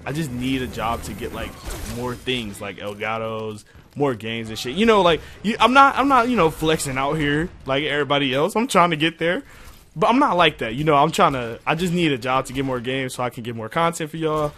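A young man venting to his viewers in a profane, exasperated rant, going quiet when he calms down. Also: a little fast, a little hiss or hum. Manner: profane, exasperated, jumping pitch when heated. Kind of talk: casual rant to camera.

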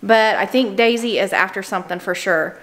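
A woman vlogging outdoors on her farm with a handheld camera, talking in an excitable, breathless way. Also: mid-range voice, moderate pace. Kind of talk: casual vlog narration.

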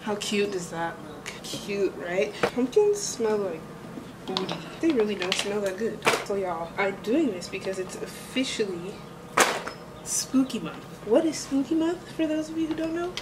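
A woman's voice: medium pitch, animated, moderate pace, distant mic, noisy background. A woman vlogging in a chatty, exclamatory way, talking straight to her viewers. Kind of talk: casual chat to camera. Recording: music playing under the voice. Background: spooky background music.

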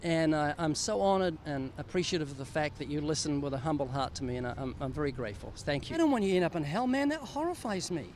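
A man's voice: fairly high pitch, quick pace, few pauses, crowd noise. An older man sharing his faith earnestly with a stranger on a city street, pleading and serious. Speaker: street evangelist. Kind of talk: street evangelism conversation.

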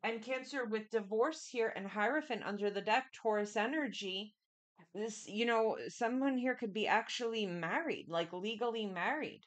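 A woman's voice: a little high, moderate pace. A woman giving a casual tarot reading, chatty and repetitive, speaking straight to the listener. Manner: chatty, repetitive, keeps addressing the listener directly. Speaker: tarot reader.

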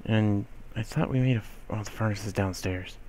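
A man's voice: fairly low pitch, a little fast, warm tone, slight background noise. A young man giving casual commentary over his gameplay, rambling to himself and swinging between mock whining and mumbling. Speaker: gaming video host.

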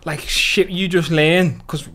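A young man with a Liverpool accent telling stories in a casual podcast chat, animated, laughing often and swearing freely. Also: on the high side, slow. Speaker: podcast guest.

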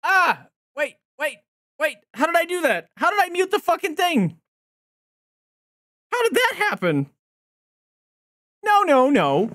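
A young man streaming a video game, reacting with excited, swearing commentary and yelling at the screen. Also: very high voice, measured pace, long pauses, no room sound, clean studio sound.

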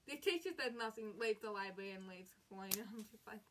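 A woman's voice: mid-range voice, fast talker, fairly bright tone, a little hiss or hum. A woman in her late teens telling a frustrated storytime rant about school, with an emphatic, exasperated way of retelling what happened. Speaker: vlogger.

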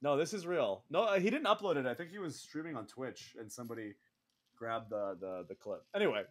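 A man's voice: mid-range voice, lively intonation, brisk. A man co-hosting a podcast, telling a profane, self-mocking story in a casual way. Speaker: co-host of a wrestling podcast.

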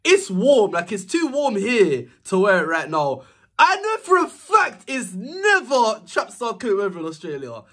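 A man's voice: sits high, a little slow. A young man, casually reacting to a rap music video in laid-back slang. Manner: laid-back slang, animated bursts of laughter. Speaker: reaction channel host. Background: rap track playing faintly.

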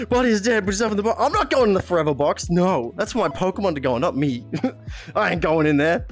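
Streaming a VR game, a young man chats casually, giggling often, swearing and reading the chat aloud as he plays. His high-pitched voice, picked up by the VR headset mic, moves quickly with lively intonation, and faint music plays behind him.

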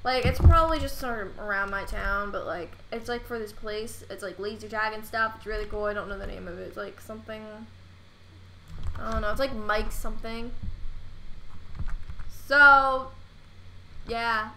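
A girl in her teens chatting and rambling through a Minecraft let's play, breaking into loud excited bursts. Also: on the high side, moderate pace, long pauses, a little hiss or hum. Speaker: gaming YouTuber. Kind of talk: casual let's play commentary.

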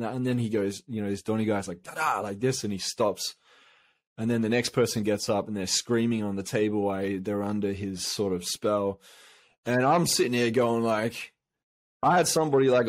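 An Australian coach, appearing as a guest in a casual interview, tells a long personal story, rambling with lots of fillers and restarts. His voice is fairly low in pitch, with no room sound.

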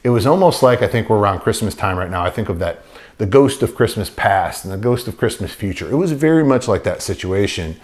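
A man tells his conversion story in an earnest, meandering way, circling back and restarting his sentences as he goes. His voice sits a little low for a man, unhurried and plain. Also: animated, a little mellow. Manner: earnest, rambling storytelling with many fillers and restarts. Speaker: testimony speaker. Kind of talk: personal faith testimony.

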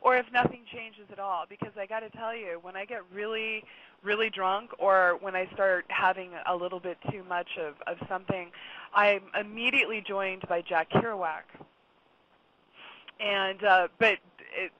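A middle-aged woman, a regular guest on a radio talk show, telling a long story in a chatty, lively way and laughing often. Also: medium pitch, normal speed. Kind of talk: casual radio chat. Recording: dull lo-fi sound, faint noise.

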